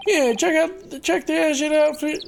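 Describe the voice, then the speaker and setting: A woman's voice: high-pitched, moderate pace, creaky, a little hiss or hum, voice pushed up. Woman doing a brash, yelping young guy. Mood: chatty. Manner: brash, yelling. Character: excitable loud young man, goofy and dramatic.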